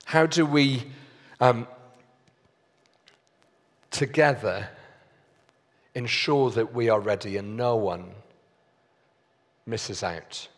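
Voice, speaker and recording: Pastor guy giving a sermon, slow and earnest, lots of ums, long church echo. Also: mid-range voice. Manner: slow, earnest preaching with many pauses and fillers. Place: church hall. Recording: long reverb of a church hall.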